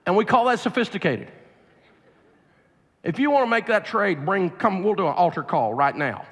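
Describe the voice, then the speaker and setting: A man with a Southern US accent lectures a live crowd in a blunt, emphatic, preachy way. His voice sits a bit high for a man. It rings with the long reverb of a large event hall. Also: expressive, moderate pace, slightly rough. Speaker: financial speaker. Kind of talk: live seminar talk to an audience.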